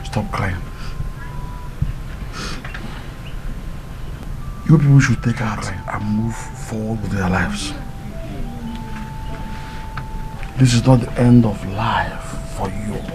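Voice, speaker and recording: A man's voice: fairly low pitch, moderate pace, music in the background, close to an everyday voice, rough recording. A man with a Nigerian accent playing a fatherly uncle who consoles his late brother's children. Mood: consoling. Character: caring middle-aged uncle, steady.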